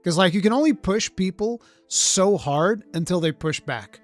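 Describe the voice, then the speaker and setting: A man's voice: high-pitched, animated, moderate pace, soft background music. A man hosting a live gaming talk show, giving blunt, rambling, profane opinions. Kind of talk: casual gaming commentary.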